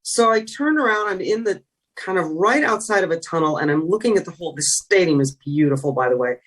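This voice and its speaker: Speaking a little fast with lively intonation, this middle-aged California woman has a lowish, slightly rough voice. In an emotional, reflective interview, the ex-sideline reporter tells heartfelt stories, repeatedly trailing off and starting over.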